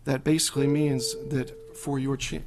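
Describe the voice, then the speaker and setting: A man reads his prepared public comment to a school board, working through numbers and percentages. His voice has a gravelly edge, and now and then he stumbles and restarts a phrase. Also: mid-range voice, little pitch movement, normal speed, background noise. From Maryland. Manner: reading prepared remarks with statistics, occasional restarts.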